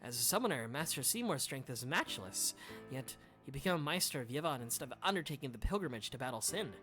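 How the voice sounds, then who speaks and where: A game streamer reading the lines of a devoted old male retainer in a slightly lower, folksy voice. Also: sing-song, fast, bright, forceful tone, faint music behind. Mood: proud. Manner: old-fashioned, folksy phrasing. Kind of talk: reading game dialogue aloud.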